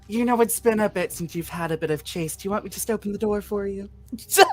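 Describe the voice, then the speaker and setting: A woman's voice: medium pitch, fast talker, darkish tone. A woman playing a tabletop game, chatting in a casual, easygoing way. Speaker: player.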